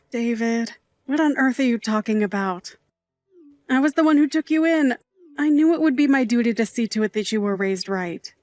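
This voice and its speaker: Actress voicing a high-pitched, playful middle-aged aunt; warm teasing, dry studio read. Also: female voice, animated, no echo, natural voice. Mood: tender. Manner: playful, mock-offended, quick to tears. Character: doting middle-aged aunt, sassy bar worker. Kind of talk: audio drama acting.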